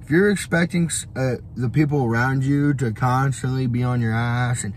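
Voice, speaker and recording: A man's voice: medium pitch, moderate pace, hardly any pauses, slight background noise. A young man vlogging on the road, giving a blunt, profane motivational rant full of fillers and restarts. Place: on the road, traveling.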